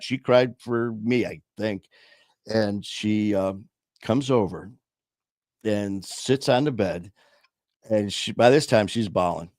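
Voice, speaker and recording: A man's voice: fairly low pitch, darkish tone, dry recording, studio quality. A man casually telling a personal story, blunt and profane, with many restarts and trailing phrases. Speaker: podcast host telling his story.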